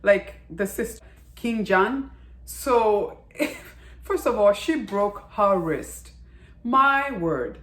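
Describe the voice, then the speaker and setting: A woman chatting casually in a vlog review of a TV drama, lively, acting out the characters' lines as she retells the plot. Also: medium pitch, very slow, roomy sound. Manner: animated, acts out characters' lines while retelling.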